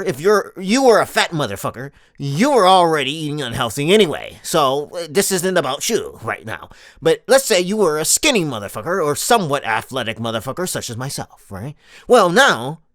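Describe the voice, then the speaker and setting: A man riffs through a profane, sarcastic comedy rant with a raised, lively pitch that swoops up and down. He tumbles over restarts and tangents as he goes. The recording is close and dry. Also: dry recording. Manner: crude, sarcastic, rambling with stammered restarts. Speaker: comedy YouTuber.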